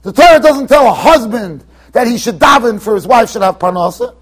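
A rabbi teaches Torah to students in a yeshiva study hall, swinging between emphatic outbursts and quiet asides that trail off as he animatedly acts out those he quotes. He speaks fairly quickly, in an extremely high voice with a breathy edge.

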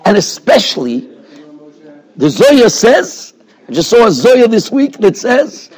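Husky high-voiced rabbi teaching. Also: male voice, darkish tone. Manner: discursive, explanatory, keeps checking in with "right?". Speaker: rabbi teaching a Torah class. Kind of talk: Torah class lecture. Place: yeshiva study hall.

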